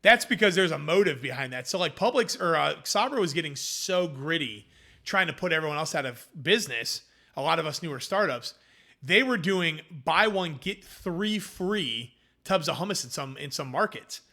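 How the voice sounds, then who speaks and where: A man with a somewhat high, bright, forceful voice tells the story of his food business in a relaxed interview. He talks in an animated way and acts out what people said to him. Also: normal speed, vocal fry. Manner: animated, acts out quoted dialogue. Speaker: food company founder.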